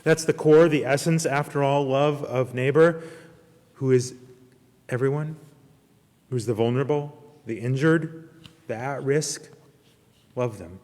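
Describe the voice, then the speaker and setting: A man preaching a sermon as minister, earnest and emphatic, with slow deliberate pauses. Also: mid-range voice. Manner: earnest preaching, slow emphatic pauses, retells a parable with lively character voices. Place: church service streamed online. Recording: long hall reverb.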